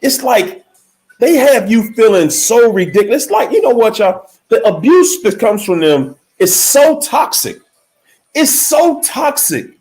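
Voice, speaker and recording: A man giving a motivational speech in an emphatic, repetitive preaching cadence, slowing down to stress key words, with faint music behind. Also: very high voice, very animated, a little mellow. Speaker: motivational speaker.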